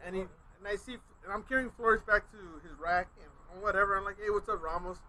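A man casually telling a profane, animated story among friends, acting out what others said. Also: high voice, quick pace, poor audio. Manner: profane, animated, acts out quotes. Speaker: podcast co-host telling a story.

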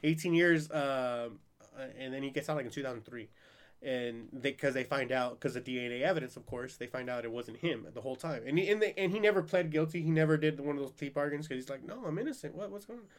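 A man's voice: mid-range voice, fast talker. A man hosting a podcast in casual chat, rambling and profane, laughing often. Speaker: podcast host.

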